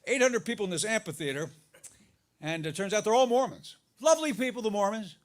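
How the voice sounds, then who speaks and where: A middle-aged man doing a stand-up comedy set, telling stories about his marriage, his voice jumping up high for the punchlines. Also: fairly quick. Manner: animated storytelling, voice jumps up for punchlines. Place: live comedy venue with audience laughter.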